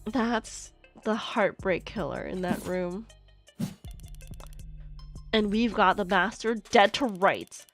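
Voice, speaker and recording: A woman voicing a gruff veteran male police detective who speaks bluntly and wearily while reading a visual novel aloud. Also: medium pitch, slow pace, pauses often, soft background music, voice pushed down. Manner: blunt, world-weary, swears.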